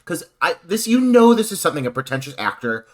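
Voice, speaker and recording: A man on a podcast panel, talking about a film in an animated, opinionated way with laughter. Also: fairly high pitch, fast. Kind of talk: casual film discussion.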